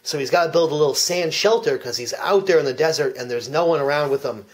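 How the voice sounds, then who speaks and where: Earnest deadpan man in fake commentary. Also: fairly high pitch, quick pace. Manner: earnest storytelling with frequent restarts. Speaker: comedic fake commentary speaker. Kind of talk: deadpan parody commentary track.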